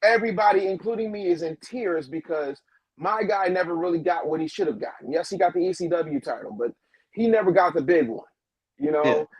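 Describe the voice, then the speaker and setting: A man who manages wrestlers, telling a backstage story as a guest, acting out the quotes in a lower voice. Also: fairly quick, slightly rough, no echo, poor audio. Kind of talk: animated storytelling.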